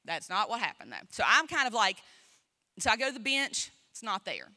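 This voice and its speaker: A woman's voice: on the high side, big pitch swings, moderate pace, bright, forceful tone. A woman pastor telling a long story from the pulpit in a chatty, self-mocking way, full of asides. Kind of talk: storytelling sermon. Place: church.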